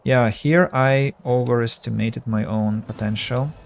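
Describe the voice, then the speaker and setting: A man streaming a game, thinking aloud in halting casual commentary, his voice tired and fading. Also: mid-range voice, fairly even intonation, vocal fry. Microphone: earbuds.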